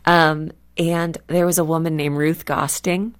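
A woman from California, a guest author speaking earnestly and reflectively in a faith radio interview, slowing down to stress key words. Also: low voice, level tone. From California, USA.

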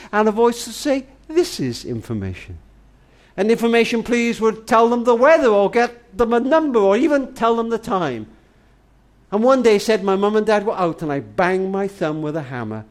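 A man telling a long tender story on a family radio program, addressing the listener as "darling" and slowing right down to hushed words for emphasis. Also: high voice. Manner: tender, dramatic storyteller, often says "darling"; slows and drops to near-whisper for emphasis. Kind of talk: storytelling talk.

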